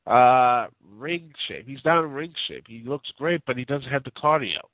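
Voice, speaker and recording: A podcast host with a medium-pitched, animated voice talks at a normal pace on his call-in show, offering meandering, opinion-heavy remarks full of fillers and false starts. The phone-line sound is tinny, and there's background noise.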